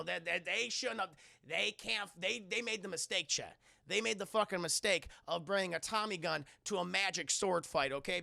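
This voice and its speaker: Man, live-stream cartoon reviewer, profane rambling chat, very gravelly, dry close sound. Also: sits high, bright, forceful tone, dry recording. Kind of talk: casual live-stream commentary.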